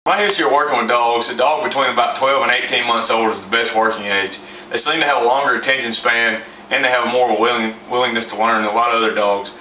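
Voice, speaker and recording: A man teaches dog training in a plain, folksy way, with a bright, sharp edge to his voice. He sounds a little distant from the mic in an echoey home room. A faint hiss of noise sits behind him. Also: medium pitch, fairly even intonation, fast talker. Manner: plain, folksy and informal, with many fillers. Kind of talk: instructional how-to talk.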